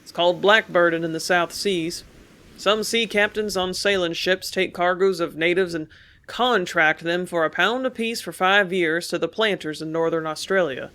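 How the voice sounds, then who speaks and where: A woman reading an audiobook, voicing a blunt old sea-captain father who explains things loudly and begrudgingly. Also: high voice, steady tone, moderate pace, clear, resonant tone.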